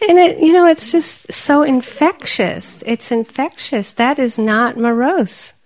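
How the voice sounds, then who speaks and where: This is a woman giving a meditation talk in a storyteller's way. She grows animated and laughs often. At times she softens to a quiet, breathy near-whisper. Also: high-pitched, slow. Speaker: meditation teacher. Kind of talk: dharma talk.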